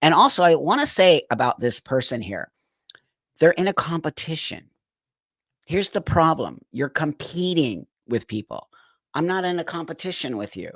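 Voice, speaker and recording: A man's voice: a little high, sing-song, moderate pace, a bit bright, dry recording. A man hosting a livestream, reacting to clips with incredulous, exasperated commentary and frequent laughter. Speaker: livestream host.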